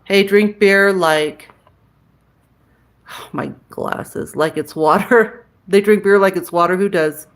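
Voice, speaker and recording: A woman's voice: medium pitch, fairly even intonation, takes it slowly. A woman hosting a casual livestream, chatting frankly with viewers and answering their comments aloud, with the odd curse word. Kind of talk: casual live-chat talk.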